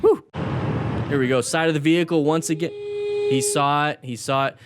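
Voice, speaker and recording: A man's voice: on the high side, normal speed, background noise. A man giving casual commentary over motorcycle clips, coaching viewers and talking to them directly. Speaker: motorcycle safety instructor. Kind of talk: video commentary on crash clips.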